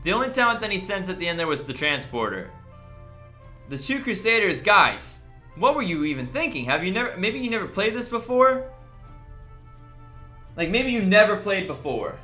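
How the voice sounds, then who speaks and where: A man's voice: sits high, big pitch swings, moderate pace, pauses often, pushed and bright, soft background music. A man streaming a game live, ranting in exasperation at his fellow players. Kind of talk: livestream commentary.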